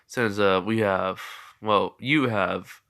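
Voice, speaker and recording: A man voicing a sly male alien symbiote in a homemade fan story, speaking slowly and quietly. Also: fairly low pitch, gravelly, pitched below the performer's own voice, full character voice. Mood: matter-of-fact.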